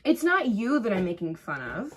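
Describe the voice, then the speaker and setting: At her bedroom vanity under a ring light, a young woman casually vlogs while doing her makeup, chatty and rambling with lots of "like" fillers and tangents. Her medium-pitched voice is very animated at normal speed, with slight background noise.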